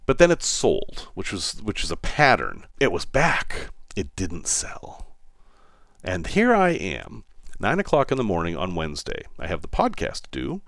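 A man's voice: mid-range voice, no echo, clean studio sound. A man with a Boston accent hosting a podcast, telling a story in a wry, self-deprecating way while in some pain. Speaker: podcast host. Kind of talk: casual storytelling monologue.

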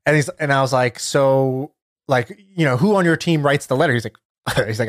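A man co-hosting a podcast, telling a story in casual chat, lively and full of fillers like "like" and "you know". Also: mid-range voice, normal speed, no echo, clean studio sound. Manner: animated storyteller, many fillers, laughs while telling. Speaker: podcast co-host.

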